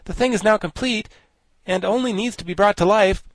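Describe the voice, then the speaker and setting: A man voicing an excitable, fussy male insect creature in a storybook reading, with a shrill, pleading manner. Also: brisk, no room sound. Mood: admiring.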